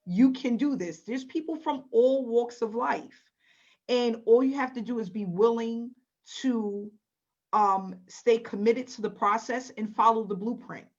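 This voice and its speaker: A woman's voice: a little high, unhurried, darkish tone. A woman hosting a webinar in an upbeat manner, calling on attendees by name. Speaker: webinar host. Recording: dull lo-fi audio.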